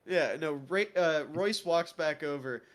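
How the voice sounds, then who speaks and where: A man narrating as game master on a livestream, playful and quick to laugh. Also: a little high.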